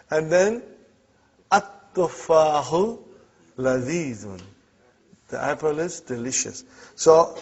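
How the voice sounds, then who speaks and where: In a classroom lesson, a man teaches Arabic, quizzing students with short "huh?" prompts and explaining every example. He has a slightly high, husky voice with a darkish tone, and the classroom recording is dull and lo-fi.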